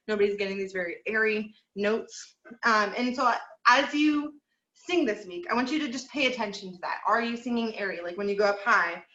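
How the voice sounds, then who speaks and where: A woman's voice: mid-range voice, bright, forceful tone, reverberant, lo-fi sound. A woman teaching an online group singing lesson, encouraging her students and counting through number drills. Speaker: vocal teacher.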